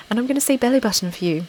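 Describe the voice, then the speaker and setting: A woman's voice: on the high side, a little mellow, rough recording. A woman chatting casually on a live stream as an ASMR channel host, reading out comments, giggly and self-deprecating. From England (Essex). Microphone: desktop microphone. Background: laptop fan noise.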